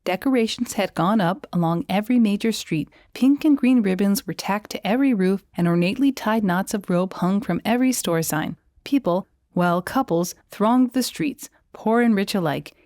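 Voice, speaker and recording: A woman narrates a fantasy romance audiobook at a measured, even pace in a mid-range voice. The recording is close and dry, with no room sound. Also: medium pitch, no room sound. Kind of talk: scripted narration.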